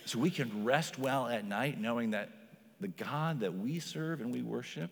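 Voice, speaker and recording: A man preaching a sermon as pastor, in a conversational style full of "like", acting out quoted voices with lively shifts. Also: medium pitch, moderate pace. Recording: long hall reverb.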